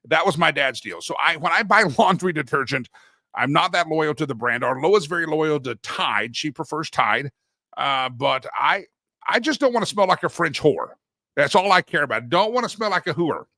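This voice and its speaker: A man's voice: a little high, lively intonation, moderate pace, sharp tone, no room sound. A middle-aged man from Texas hosting a talk show, rambling and joking in casual chat. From Deep East Texas. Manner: rambling, joking, self-interrupting.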